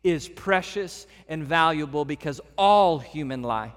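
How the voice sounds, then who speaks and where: A man preaching a sermon as a pastor to his church, swinging between loud emphatic passages and soft hushed ones. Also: fairly high pitch, animated, measured pace, long reverb tail.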